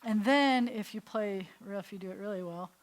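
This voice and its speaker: The speaker is a woman rabbi, medium-pitched and talking at normal speed, teaching a small group seated in a classroom. She keeps things chatty and stepwise and often directs questions to her students.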